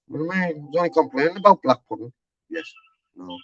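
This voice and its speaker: A man in a casual vlog, loud and chatty and swearing freely while he waits on hold. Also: a little high, expressive, fast, no room sound. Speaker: vlogger. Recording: slightly dull recording with faint music.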